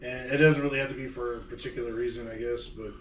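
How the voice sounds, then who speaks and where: A man's voice: medium pitch, quick pace, slight background noise. A man co-hosting a casual movie review podcast, telling scenes with lots of swearing and asking the others questions. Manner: profane, animated storyteller, asks questions. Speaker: podcast co-host. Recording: echoey room, mic at a distance.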